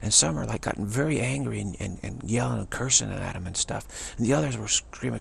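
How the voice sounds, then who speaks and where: A man's voice: lowish voice, fast talker, creaky, hardly any pauses, slightly rough. A man, a spiritual teacher, telling a personal story and acting out what other people said.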